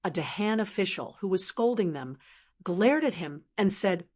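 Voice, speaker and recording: A woman's voice: medium pitch, lively intonation, normal speed, darkish tone. Woman narrating a fantasy audiobook.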